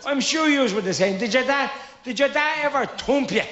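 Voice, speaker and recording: Lively Dublin Irish comedian. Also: male voice, very high voice, moderate pace. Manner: lively storyteller, acts out characters in his own voice. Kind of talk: stand-up storytelling. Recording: dull lo-fi live recording.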